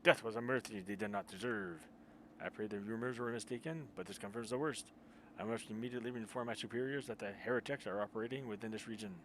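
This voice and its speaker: A man's voice: medium pitch, racing, creaky, few pauses, a little hiss or hum, lightly acted. A man voicing a wounded male soldier who speaks in an earnest, bitter way.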